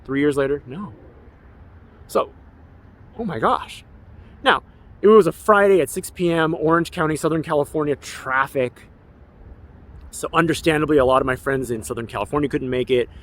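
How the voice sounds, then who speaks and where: A man's voice: a little high, normal speed, pauses often, a bit bright. A man in his forties, an activist, delivering an emotional, rambling personal documentary monologue with an aggrieved tone. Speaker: activist and filmmaker.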